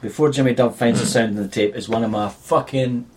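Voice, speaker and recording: A man co-hosting a comedic film review chat, swearing often and talking with animated exasperation. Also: mid-range voice, a little fast, a little hiss or hum. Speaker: film podcast co-host.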